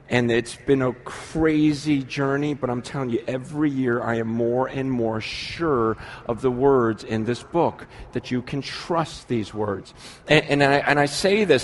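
A middle-aged man preaching a sermon as pastor, animated, swinging from soft asides to shouting. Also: medium pitch, a little hiss or hum.

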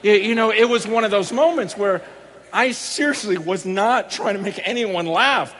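A man's voice: high-pitched, moderate pace, a bit bright. A middle-aged man preaching to a live audience, telling a story and acting out the dialogue with animation. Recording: reverberant hall with faint background noise.

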